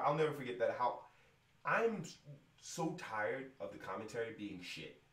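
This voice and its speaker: A man's voice: mid-range voice, sing-song, normal speed, fairly bright tone. A man and musician venting to his viewers in a casual rant, frustrated and profane, rambling with restarts. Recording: echoey room, distant from mic.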